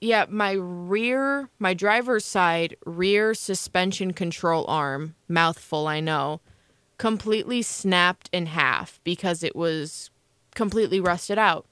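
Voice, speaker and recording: A woman's voice: on the low side, slow pace, fairly bright tone, clear, resonant tone, no echo, studio quality. A young woman co-hosting a casual chat show, telling a long rambling story with lots of fillers. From Illinois, USA. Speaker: co-host.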